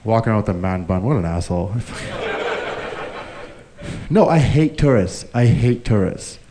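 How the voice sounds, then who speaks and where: A man's voice: on the low side, expressive, normal speed, noisy background, voice pushed down, close to an everyday voice. A man voicing a grumpy, overworked male tour horse that swears and complains about his job and the tourists. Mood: grumbling.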